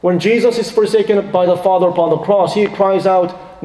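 A man's voice: high-pitched, moderate pace, vocal fry, dark tone. Man preaching a sermon in an echoey hall. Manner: dramatic, rising to emphatic quoted laments.

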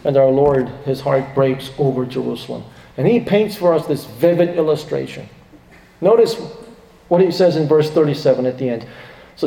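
A man's voice: medium pitch, moderate pace, gravelly, mellow. A man preaching a sermon, turning dramatic and emphatic when he quotes laments. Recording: echoey, reverberant hall.

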